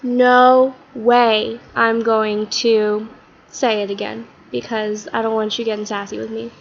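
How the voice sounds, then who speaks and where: A woman's voice: mid-range voice, level tone, fast, gravelly, muffled recording, a little hiss or hum, lightly acted. A woman voicing a sad, confused schoolboy who keeps getting in trouble, in a whiny, self-pitying way.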